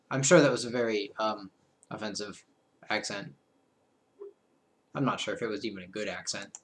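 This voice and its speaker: Playful chatty young man, lively pitch. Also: normal speed, pauses often. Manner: chatty, playful, trailing off into mumbled asides. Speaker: let's play host. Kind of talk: casual gameplay commentary.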